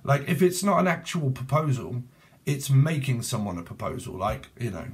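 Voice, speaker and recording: A man's voice: mid-range voice, animated, moderate pace. A man with a British accent giving a rambling, jokey tarot reading, free-associating and laughing at his own jokes. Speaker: tarot reader.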